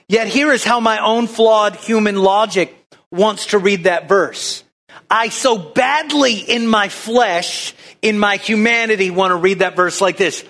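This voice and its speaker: A man's voice: high-pitched, unhurried, fairly bright tone. A man preaching a folksy, conversational sermon, drawing the congregation into call-and-response. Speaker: pastor.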